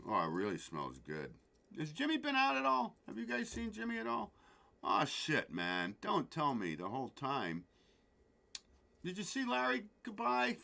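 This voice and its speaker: A man's voice: fairly high pitch, vocal fry, bright, forceful tone. A man hosting his podcast, chatting loosely, telling a joke and swearing freely. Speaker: podcast host. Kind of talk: casual chat and joke telling.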